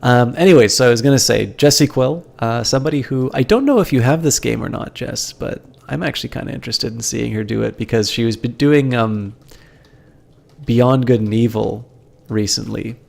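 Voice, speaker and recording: A man's voice: mid-range voice, moderate pace, creaky, a little mellow. A man streaming a game live, chatting to viewers with many ums and restarts while he plays. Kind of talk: casual live-stream commentary.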